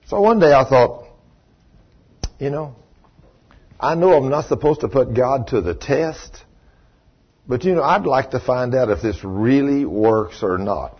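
A man's voice: medium pitch, expressive, measured pace, long pauses, breathy edge, lo-fi sound. A man preaching a storytelling sermon in a conversational way, full of "you know".

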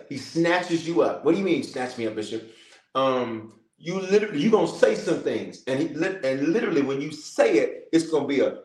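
A man's voice: a little high, roomy sound, poor audio. A man preaching as a bishop, praying and calling out to the congregation, repeating his lines. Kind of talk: sermon with prayer.

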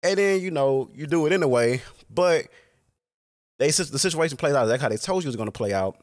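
A man's voice: a little high, expressive, quick pace. A man talking casually in a reflective monologue, rambling and swearing freely.

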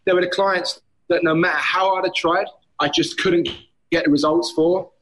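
A personal trainer who owns a gym chats on a podcast outdoors on a street, telling stories as an animated storyteller and acting out gym banter. His voice is high-pitched at normal speed, and the rough recording carries faint street noise.

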